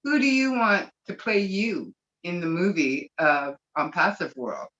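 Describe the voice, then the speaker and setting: Webinar participant, from Canada, gushing, excited, teary, muffled video call sound. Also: mid-range voice. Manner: gushing, excited, near tears. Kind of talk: emotional casual speech.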